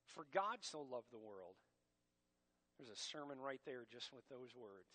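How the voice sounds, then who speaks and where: A man's voice: medium pitch, animated, a little slow, pushed and bright. A man preaching a sermon as pastor, emphatic and direct, addressing his congregation as church.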